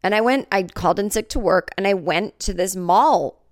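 With a mid-range voice at a moderate pace, a woman in her forties hosts a solo comedy podcast. She chats, jokes, and tells an invented story, acting out plenty of different voices.

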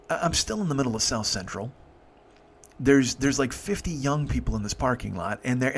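A man's voice: medium pitch, a bit bright. A man in his fifties, hosting a podcast, telling a long story in a profane, rambling way with many restarts. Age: 50s. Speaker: podcast host. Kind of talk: casual storytelling.

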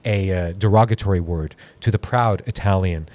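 A man's voice: deep voice, normal speed, darkish tone. A man hosting a comedy podcast, rambling through crude jokes and stories with frequent giggles. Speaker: podcast host.

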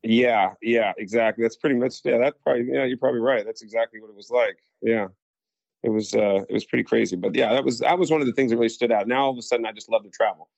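A young American soap opera actor, appearing as a guest in a casual interview, tells rambling stories packed with fillers and acts out quotes. His medium-pitched voice is fairly even and quick with vocal fry, in a muffled recording with no echo.

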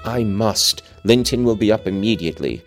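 A brooding young man from a storybook reading, put on by a man, dropped very low and hushed. He speaks urgently and ardently, with his voice held down. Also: animated, moderate pace, soft background music, close to an everyday voice. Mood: pleading.

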